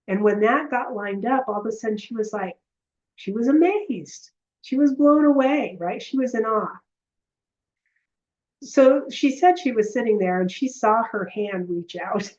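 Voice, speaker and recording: A woman's voice: medium pitch, a little mellow, dull audio. A woman giving a live online lesson as a healing teacher, telling stories with animation and speaking straight to her viewers. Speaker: energy healer and heart coherence teacher.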